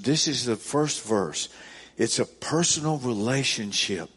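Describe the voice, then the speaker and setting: A male pastor delivering a sermon to his congregation, with a lowish voice and an unhurried pace. He speaks deliberately and circles back to repeat key phrases for emphasis. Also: breathy edge. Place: church service.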